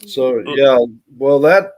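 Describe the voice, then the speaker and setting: A man's voice: medium pitch, gravelly. A man hosting a casual livestream, reading out viewer comments and teasing his guest. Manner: joking, reads out viewer comments. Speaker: livestream host.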